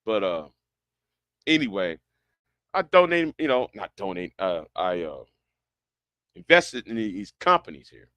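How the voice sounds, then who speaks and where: A man's voice: on the low side, sing-song, unhurried, long pauses, fairly bright tone, no echo. A man chatting casually and rambling, often stumbling and restarting his words, with a broad sound. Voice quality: stammering, many restarts. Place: Houston, Texas.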